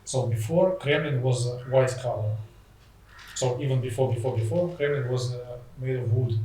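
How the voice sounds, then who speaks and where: A man with a Russian accent chats as a podcast guest. He speaks haltingly and often stops to find the right word. The voice sits a step back from the mic in a roomy, echoing space with a faint hum of noise underneath. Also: mid-range voice, warm tone, far from the mic. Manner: halting, searching for words with many uh fillers. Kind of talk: casual podcast chat. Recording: echoey room, voice off-mic.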